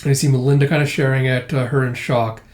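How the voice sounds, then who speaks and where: A young man casually recapping and commenting on a comic chapter in a chatty, animated way. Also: mid-range voice, quick pace, echoey room. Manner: chatty, animated, laughs often. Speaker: manga reader and commentator.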